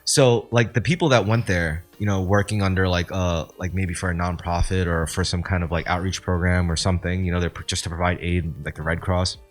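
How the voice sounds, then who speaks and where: A man's voice: low voice, fairly even intonation, fairly quick, hardly any pauses. A man co-hosting a podcast, talking in a rambling, profane way full of fillers. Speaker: podcast co-host. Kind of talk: casual chat.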